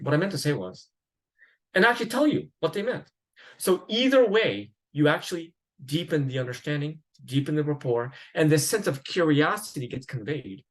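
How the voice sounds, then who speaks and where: A man's voice: on the high side, breathy edge, low-quality recording. A man lecturing at a psychiatry conference in a conversational way, with fillers, restarts and the odd laugh.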